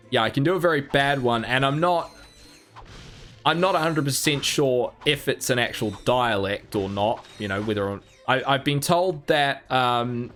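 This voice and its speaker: A man from New Zealand with a medium-pitched, slightly bright voice chats casually while streaming a game. He rambles, mocks himself, and restarts his sentences a lot.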